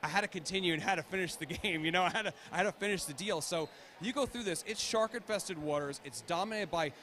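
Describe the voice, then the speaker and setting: A man's voice: high voice, fast, sharp tone. A man founding a vodka brand, talking casually in an interview and laughing often. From United States. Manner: enthusiastic, laughs often, repeats words.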